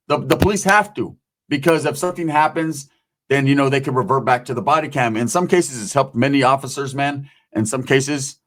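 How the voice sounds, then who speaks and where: A man with a somewhat high voice rants and tells stories in loose street slang. He swears constantly as he comments on a video. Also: a bit bright. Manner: profane, streetwise storytelling with slang. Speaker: commentary YouTuber. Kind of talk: casual commentary rant. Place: home.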